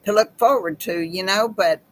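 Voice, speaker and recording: A woman's voice: mid-range voice, poor audio. A woman hosts a casual chat with her viewers and reads aloud in a heartfelt, emotional way. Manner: slow, heartfelt, emotional reading. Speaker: channel host.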